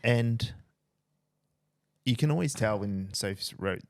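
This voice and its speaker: A man's voice: medium pitch, slow, dry recording, studio quality. A man hosting a podcast, chatting casually and joking, often restarting his sentences. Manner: joking, rambling, self-correcting. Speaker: podcast host, business owner. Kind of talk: casual chat.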